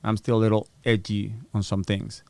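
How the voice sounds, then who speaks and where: This middle-aged guest on a podcast has a lowish, gravelly, warm voice with a level tone and normal speed, and there's no room sound. An American, he swears freely while spinning lively anecdotes, performing the voices of whoever he's quoting.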